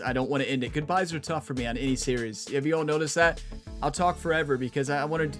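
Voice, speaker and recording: A chatty man hosting a gaming channel, talking casually and rambling while wrapping up a series. His voice sits a bit higher than most men's, he laughs often, and he swings between excited and subdued, with soft music in the background. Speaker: gaming YouTuber host.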